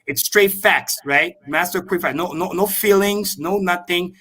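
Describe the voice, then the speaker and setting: A man on a video call explaining crypto with excitable, profane energy and repeating key points slowly for emphasis. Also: sits high. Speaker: crypto show guest. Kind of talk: animated livestream explanation.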